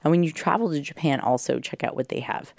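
A woman's voice: low-pitched, fast, creaky, a little mellow, dry recording. A woman hosting a solo podcast at home, giving a peppy pep talk to her listeners and swearing for emphasis. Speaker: podcast host. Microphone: close podcast mic.

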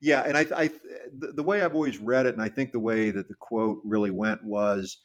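Lower-voiced man retelling history, halting. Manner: halting, with frequent restarts and repeated words. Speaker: podcast co-host. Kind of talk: casual conversational storytelling.

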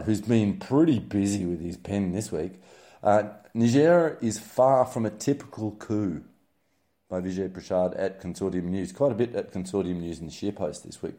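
A deep, dark-toned male voice belongs to a news commentary host casually covering the week's headlines. He's sarcastic and wry, with a rambling, filler-heavy delivery full of ums and uhs.

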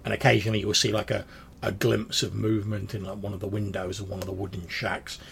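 A man's voice: lowish voice, little pitch movement, fast talker, gravelly, fairly bright tone, a little hiss or hum. A man narrating a tabletop role-playing game as game master, rambling with many fillers.

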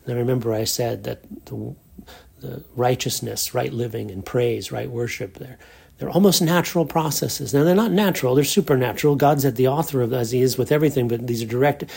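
A male preacher delivers a sermon with a rough, fry-edged voice. His tone is slightly breathy, and he talks earnestly, repeating words and phrases to press his points. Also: medium pitch, a little fast, darkish tone.

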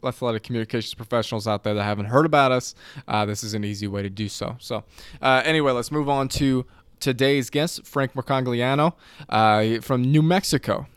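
A man's voice: mid-range voice, a little fast, clean tone, no echo. A man hosting a podcast, introducing a guest and asking questions in a loose, conversational way with plenty of filler words. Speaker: podcast host.

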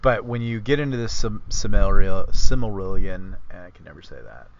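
A man's voice: on the low side, sing-song, fast talker, gravelly, muffled recording, a little hiss or hum. A man hosting a casual book discussion podcast, rambling and correcting himself as he explains with enthusiasm. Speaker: author and podcast host.

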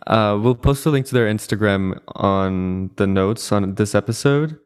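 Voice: low voice, moderate pace, smooth. A podcast co-host in casual chat who laughs often and meanders with fillers.

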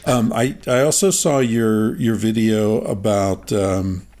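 A man hosting an interview, asking thoughtful, measured questions in a casual conversation. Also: fairly low pitch, a little mellow. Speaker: podcast host, interviewer.

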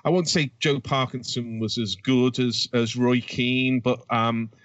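A man's voice: medium pitch, fairly even intonation, measured pace, a bit bright, no room sound, muffled recording. A man co-hosting a casual football podcast, talking at length with frequent ums and restarts. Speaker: podcast co-host.

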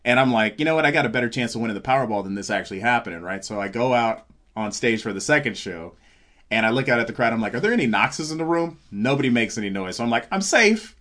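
A man's voice: fairly low pitch, fast talker. A man chatting casually on a podcast, telling a long story with acted-out quotes and plenty of swearing. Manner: animated storyteller, acts out quotes, swears freely. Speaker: comedian guest.

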